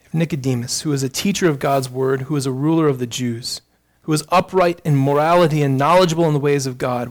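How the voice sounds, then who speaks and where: A man preaching a sermon as pastor, addressing the congregation directly with earnest rhetorical questions. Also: mid-range voice.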